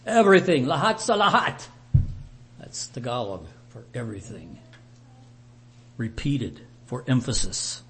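A man's voice: mid-range voice, huge pitch swings, unhurried, long pauses, pushed and bright, slight background noise. A man teaching a Bible study, retelling the passage in a conversational way with asides to his group.

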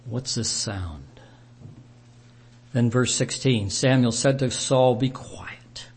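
A man's voice: mid-range voice, slow pace. A man teaching a Bible study, retelling the passage in a conversational way with asides to his group.

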